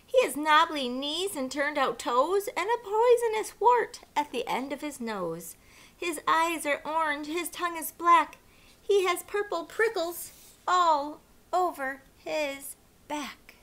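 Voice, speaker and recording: A woman voicing a small, clever male mouse in a children's storybook, squeaky and excitable. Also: slow, exaggerated voice. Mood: fearful.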